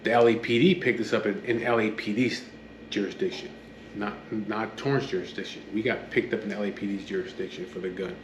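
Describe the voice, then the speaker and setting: A man's voice: on the low side, steady tone, a little fast. A man from the Los Angeles area, casually telling his own story in a blunt, profane, matter-of-fact way, acting out what others said in his own voice. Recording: echoey room with faint background hum.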